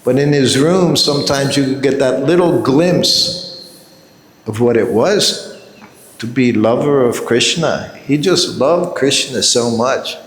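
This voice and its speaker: A man's voice: medium pitch, slow pace. A man in his seventies giving a religious class, telling a personal story and chuckling often. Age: 70s. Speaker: devotee giving a scripture class. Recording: echoey hall with long reverb.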